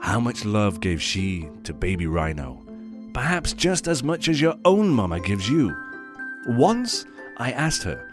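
A man's voice: lowish voice, big pitch swings, measured pace, over music. A man performing a short story aloud, with theatrical, old-fashioned inverted phrasing. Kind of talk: scripted story narration.

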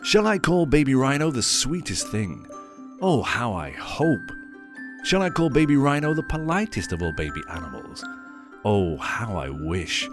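A man narrates a fable with a lively, swooping delivery and quaint, inverted phrasing. His voice rises and falls dramatically over faint background music. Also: mid-range voice, a little slow. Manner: theatrical, old-fashioned inverted phrasing. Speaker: storyteller. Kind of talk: scripted story narration.

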